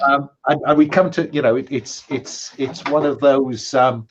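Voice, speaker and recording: A man playing a tabletop game, describing a scene haltingly with many restarts. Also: medium pitch, steady tone, lo-fi sound, slight background noise. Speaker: player.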